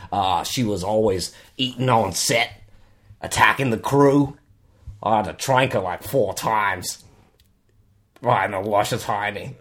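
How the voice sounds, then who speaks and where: A man plays a rambling wrangler of mythical creatures. His voice sits a little low, and he stumbles through fillers and halting restarts. He drops "mate" and "oi" through an improvised comedy interview. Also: fairly bright tone.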